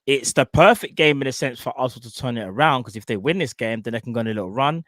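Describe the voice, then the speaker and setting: Slangy man, bright voice. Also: medium pitch, fast talker, no echo. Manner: animated, slangy, repeats himself. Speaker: podcast co-host. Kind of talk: casual football chat. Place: home, on a video call.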